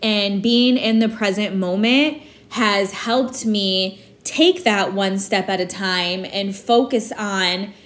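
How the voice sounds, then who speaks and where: A woman's voice: medium pitch, fairly even intonation, slow pace, few pauses. A woman hosting a solo podcast, talking through her feelings in a candid, casual way, with lots of "like" and "you know". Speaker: podcast host. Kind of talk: reflective solo podcast monologue.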